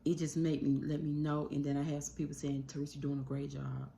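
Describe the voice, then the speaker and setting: A YouTube host speaks earnestly into her phone at home about dealing with grief, talking fast and rambling with frequent pace shifts. Her low, creaky voice has a dark tone and level delivery, with a faint hiss or hum on the recording.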